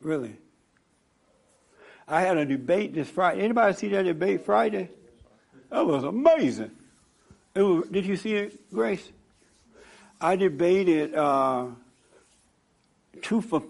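Male preacher, fairly high voice, animated storyteller, counseling a congregation. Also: a little slow, vocal fry, pauses often. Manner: animated, storytelling, laughing at own stories. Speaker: pastor. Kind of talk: sermon with audience counseling.

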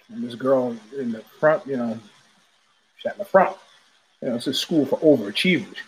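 A man's voice: mid-range voice, moderate pace, pauses often, breathy edge, rough recording. A man from New York hosting a podcast in a rambling, digressive monologue full of tangents and restarts. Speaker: podcast host. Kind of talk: casual monologue.

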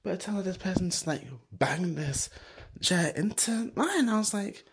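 A woman vlogger telling a rambling story in a blunt, sassy way, swinging between loud outbursts and hushed asides. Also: fairly low pitch, moderate pace, gravelly, breathy edge.

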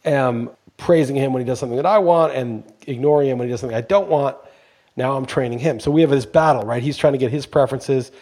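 A man's voice: mid-range voice, quick pace, darkish tone, slightly rough. A man co-hosting a casual podcast chat, blunt and profane, working himself into heated rants. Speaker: podcast co-host.

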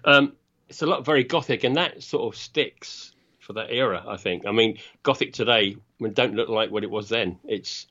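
A man with a mild southern English accent talks as a podcast guest, easygoing and rambling. His voice sits low, and it comes over a dull, lo-fi remote line. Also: normal speed, bright, forceful tone. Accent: southern English, Reading. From England. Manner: rambling, easygoing, many fillers. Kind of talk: casual podcast conversation.

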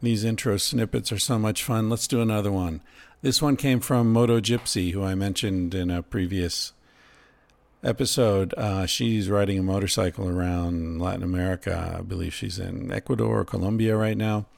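Middle-aged male podcast host, low gravelly voice, reflective and unhurried. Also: fairly even intonation, darkish tone, no room sound. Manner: musing, unhurried, swears casually. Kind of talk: reflective casual monologue.

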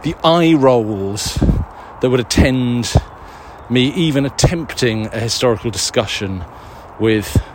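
A man's voice: medium pitch, animated, slow pace, slight background noise. A man chatting casually and out of breath while walking a dog in the woods, rambling, swearing and mocking himself as he answers listener questions.

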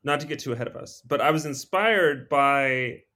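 A man's voice: on the high side, normal speed, sharp tone. A man appearing as a guest on a casual podcast, talking in a friendly, chatty way. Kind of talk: casual chat.

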